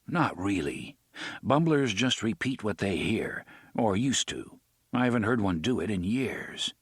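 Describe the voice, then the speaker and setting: A man's voice: on the low side, big pitch swings, unhurried, slightly rough, dry recording, exaggerated voice. A man doing a terse, weathered gunslinger. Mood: matter-of-fact. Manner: dry, matter-of-fact.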